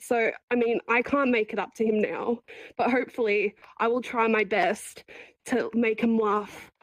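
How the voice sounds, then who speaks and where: A woman's voice: on the high side, fairly bright tone, no echo, low-quality recording. A woman with an Australian accent giving an informal eulogy at an online gathering, joking and laughing nervously. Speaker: eulogy speaker.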